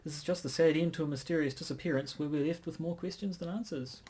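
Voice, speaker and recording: A man co-hosting a casual podcast, measured and hesitant, often restarting his sentences. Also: fairly high pitch, darkish tone, breathy edge. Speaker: podcast co-host.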